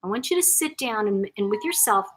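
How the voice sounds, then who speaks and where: An older woman hosting a casual live chat, reading viewer comments aloud, chatty and quick to laugh. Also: medium pitch, animated, breathy edge. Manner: warm, chatty, reacts to comments, laughs often.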